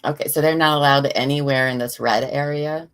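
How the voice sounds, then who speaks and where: A woman's voice: low voice, fairly even intonation, brisk, clear, resonant tone. A tired woman co-hosting a casual trial watch chat, laughing often and poking fun at herself. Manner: chatty, laughs often, self-deprecating. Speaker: co-host of a trial watch show.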